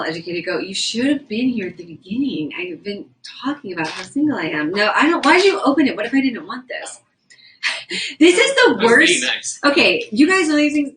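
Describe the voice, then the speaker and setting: A woman's voice: fairly high pitch, a bit bright, slight background noise, poor audio. A young woman livestreaming, chatting casually and rambling as she reads viewer comments aloud from indoors. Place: indoors at a house.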